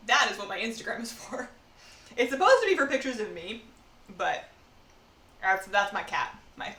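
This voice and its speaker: This streamer's voice is fairly high and fairly bright as she bakes at home and chats with viewers. Her talk wanders casually from aside to aside, and the room echoes a bit over faint background noise.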